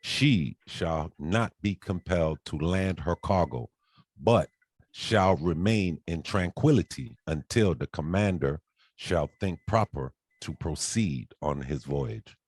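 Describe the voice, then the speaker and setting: A man in a group call reading treaty articles aloud, halting over some words. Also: sits low, lively intonation, breathy edge, no echo.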